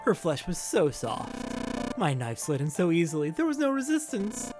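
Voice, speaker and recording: A performer doing a slow, gloating male killer. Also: mid-range voice, sing-song, music in the background, voice pushed up. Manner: slow, polished, mocking. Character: cold, sadistic male killer, calm and gloating.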